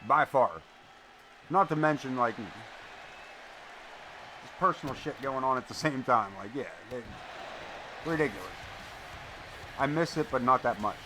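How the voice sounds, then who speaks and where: A man with a mid-range voice calls wrestling play-by-play live, speaking a little slowly with long pauses against a noisy background. As a wrestling commentator, he mixes the live action with casual chat, drifting into blunt, profane, chatty stories.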